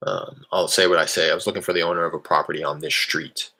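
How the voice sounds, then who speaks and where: A man casually explaining real estate cold calls, rambling and candid, with an upbeat questioning pitch on the phone. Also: fairly even intonation, fast, sharp tone, breathy edge. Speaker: real estate wholesaler cold calling sellers.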